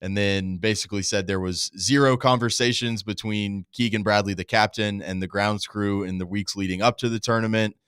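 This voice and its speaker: A laid-back man co-hosting a sports talk show, with a lowish, smooth and resonant voice. He chats casually and reads statements aloud, recorded dry and close to the mic. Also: fairly even intonation, a little fast, hardly any pauses, a bit bright, no room sound.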